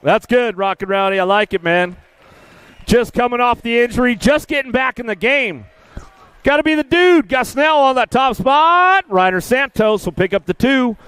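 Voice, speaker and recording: A man announces a live BMX race outdoors with a very high, smooth voice. He fires off rider names and positions in rapid bursts and jokes around with the racers. The sound is close and dry. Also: dry recording. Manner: excitable, chummy with riders.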